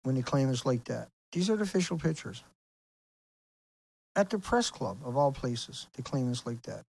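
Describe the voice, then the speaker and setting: A man's voice: medium pitch, very animated, moderate pace, vocal fry, a little mellow, breathy edge, no room sound. A man hosting his own video, talking casually and insistently over pictures on screen, asking rhetorical questions as he rambles. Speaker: video host.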